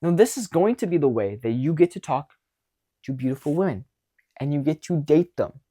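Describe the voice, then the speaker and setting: A young man coaching viewers on dating in a casual monologue, animated and blunt, with casual swearing. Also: on the high side, moderate pace, breathy edge.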